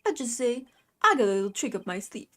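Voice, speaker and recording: A gruff male strongman with a put-on Brooklyn accent, as a woman puts him on for a game. He barks threats in a gangster drawl and ends his lines with "see?". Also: a little high, big pitch swings, fast talker, a bit bright. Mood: gruff, menacing. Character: blustering middle-aged male tough-guy minister.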